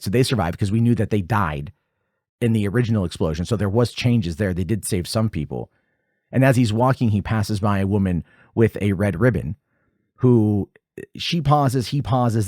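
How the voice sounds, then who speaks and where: Animated man in his forties, low voice. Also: no echo, studio quality. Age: 40s. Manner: animated, jumps high in pitch when excited. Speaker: podcast host. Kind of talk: casual film commentary.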